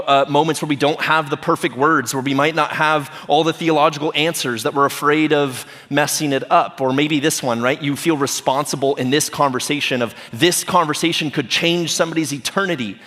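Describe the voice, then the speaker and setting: A man's voice: on the high side, fairly even intonation, normal speed, few pauses, a bit bright. Male pastor, casual humorous preaching style, reverberant sanctuary sound. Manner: conversational and humorous, often asking "right?". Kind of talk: sermon. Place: church auditorium. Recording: long reverb of a church hall.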